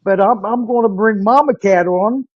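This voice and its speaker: A woman hosting a live internet radio podcast, talking casually in a halting, rambling way with many fillers and restarts. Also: mid-range voice, slightly rough, no echo, muffled recording.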